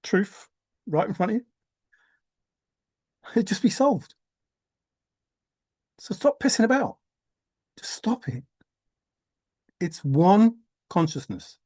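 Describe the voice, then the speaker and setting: A man's voice: high-pitched, expressive, takes it slowly, long pauses, mellow, husky, dry recording, clean studio sound. A man talking through a rambling vlog monologue, musing aloud, swearing casually and laughing to himself. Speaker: vlogger.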